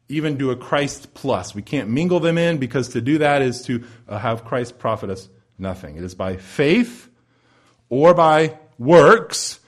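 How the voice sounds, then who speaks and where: A male pastor preaches from the pulpit with a medium-pitched voice. His delivery is emphatic, rising and falling in loudness and stretching out the key phrases. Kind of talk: expository sermon.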